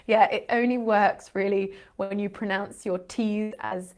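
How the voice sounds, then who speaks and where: A woman's voice: mid-range voice, fairly even intonation, takes it slowly. A British woman, an English teacher and channel host, explaining word differences playfully with frequent laughs and teasing asides. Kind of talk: explaining vocabulary to camera.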